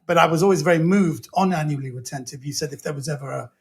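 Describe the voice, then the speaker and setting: A male comedian telling a long, self-mocking anecdote as a guest, in a lively, rambling way. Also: on the high side, quick pace.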